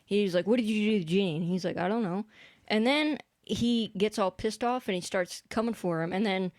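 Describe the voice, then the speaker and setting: Woman co-host recapping a film, lively. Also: medium pitch, dry recording, studio quality. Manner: animated retelling with quick quoted voices. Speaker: podcast co-host. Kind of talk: casual chat recapping a horror film.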